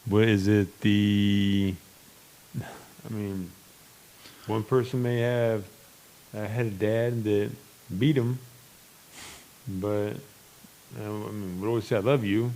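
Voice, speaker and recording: A man's voice: lowish voice, little pitch movement, slow pace, pauses often, mellow. A young man hosting a podcast, talking in a rambling, blunt and open way with many restarts. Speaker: podcast host. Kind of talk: casual chat.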